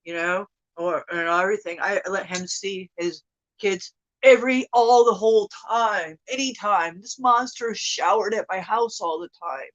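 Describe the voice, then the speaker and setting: A woman in her thirties venting to her viewers in an upset, profane monologue that swings from loud outbursts to hushed mutters. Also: medium pitch, normal speed, highs cut off. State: upset, emotional. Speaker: vlogger.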